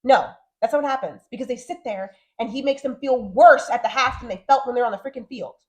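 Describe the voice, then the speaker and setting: A woman in her thirties co-hosting a podcast, chatting casually and animatedly, often acting out what others said. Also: on the high side. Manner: animated, talks fast and acts out quotes. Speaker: podcast co-host. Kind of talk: casual chat.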